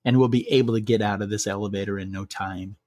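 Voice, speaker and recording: A man speaking as a calm, chatty stranger in an elevator, polite and quietly probing in an everyday voice. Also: lowish voice, quick pace, dry recording, studio quality, lightly acted.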